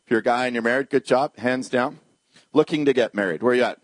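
A man's voice: medium pitch, fast talker, no echo. A man preaching a humorous, story-filled sermon, joking with and questioning the congregation. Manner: humorous, animated, talks to the congregation.

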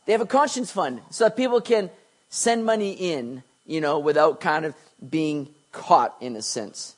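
A middle-aged man preaching a sermon, telling stories with swings from quiet asides to excited bursts. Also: on the high side, normal speed. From Canada. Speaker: pastor.

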